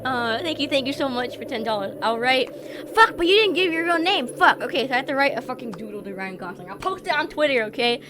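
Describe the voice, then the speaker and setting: A woman's voice: high voice, lively intonation, fast talker, noisy background. Profane rambling young woman streamer. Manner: rambling, profane, laughs often. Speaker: VTuber streamer. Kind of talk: casual chat stream. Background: background music.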